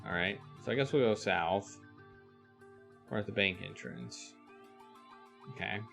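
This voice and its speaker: A man's voice: lowish voice, a little slow, creaky, fairly bright tone. A man streaming a live text adventure, thinking aloud, reading the game text and greeting his chat. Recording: faint music behind.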